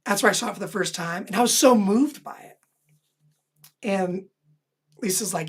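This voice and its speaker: A woman host animatedly telling a personal story, lively and self-deprecating, laughing often. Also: medium pitch, normal speed, slightly rough. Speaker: host recounting her own stories.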